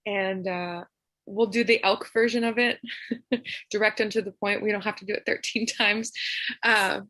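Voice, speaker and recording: A woman from Tennessee giving a heartfelt personal remembrance over a video call, speaking softly and haltingly with frequent laughter. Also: mid-range voice, fairly even intonation, no room sound. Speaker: memorial speaker.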